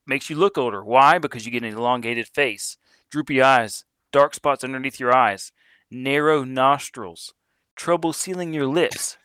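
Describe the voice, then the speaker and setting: A man's voice: mid-range voice, sharp tone, clear, resonant tone, no room sound. A man co-hosting a sports podcast, teasing a friend while reading out facts. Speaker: podcast co-host. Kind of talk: casual chat.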